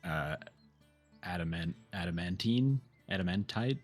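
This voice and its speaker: Low-voiced eager male tabletop player. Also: lively intonation, measured pace, faint music behind. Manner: laughing, eager, describes his character's actions. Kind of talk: tabletop role-play chat.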